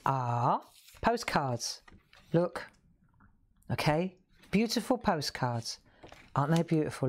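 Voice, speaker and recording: Brief: woman, middle-aged, lowish voice, chatty live craft host who jokes and sings bits. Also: darkish tone. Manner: chatty, playful, sings snippets and jokes with viewers. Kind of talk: live craft stream chat.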